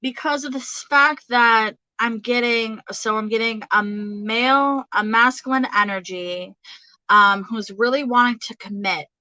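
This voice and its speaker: Bright, chatty woman reading tarot. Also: on the high side, steady tone, a little slow, clean tone, dry recording, lo-fi sound. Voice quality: chatty, giggly, talks to her viewers directly. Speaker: tarot reader. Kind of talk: casual live tarot reading.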